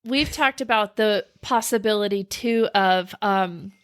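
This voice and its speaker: A podcast co-host with a medium-pitched, smooth voice chats casually and unhurriedly, laughing often as she shares stories. The recording is dry and clean, with studio-quality sound.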